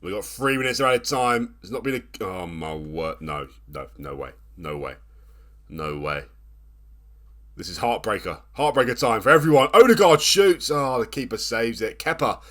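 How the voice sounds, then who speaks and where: A man in his thirties commentating his own football management game, swinging between nervous groans and excited shouts. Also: lowish voice, normal speed. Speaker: gaming channel host. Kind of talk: let's play commentary.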